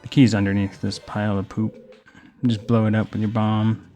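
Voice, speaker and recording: Casually commenting on a video game, a young adult male host tells rambling personal stories as he plays, over game music. His low, warm voice moves at normal speed with a flat delivery.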